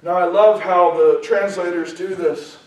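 A man's voice: high-pitched, fairly even intonation, a little slow. Guy preaching a sermon, big emphatic build-ups, voice bouncing all over a super echoey church. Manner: emphatic, building to loud passionate peaks. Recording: very echoey room, voice far from the mic.

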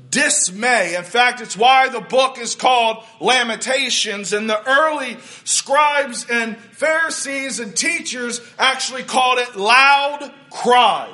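A male pastor preaching a sermon, building to shouted emphasis on key words. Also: very high-pitched.

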